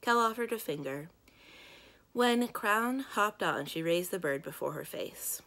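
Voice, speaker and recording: Lady librarian reading a kids book out loud, gravelly low voice. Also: lively intonation, unhurried. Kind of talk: children's book read-aloud.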